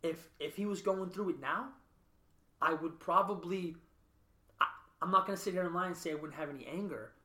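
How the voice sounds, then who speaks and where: A man hosts a podcast in a casual, earnest chat, thinking out loud. His voice is bright and forceful. The sound has a roomy echo. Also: sits high, fairly quick. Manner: earnest, reflective, often asks "right?". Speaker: podcast host.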